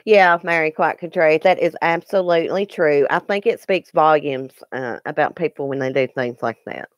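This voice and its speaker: A woman hosts a casual YouTube live stream, earnestly chatting with viewers and answering their comments, full of ums and restarts. Her voice is low and her speed normal. The audio has no echo but sounds dull.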